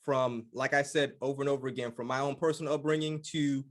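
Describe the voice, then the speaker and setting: A man from the United States hosting a podcast interview, enthusiastic and quick to affirm his guest. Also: mid-range voice, steady tone. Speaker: podcast host.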